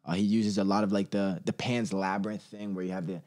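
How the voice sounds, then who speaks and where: A man ranting casually on his own, rambling and profane, laughing often and quickly mimicking others. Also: low voice, level tone, darkish tone. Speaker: solo commentator.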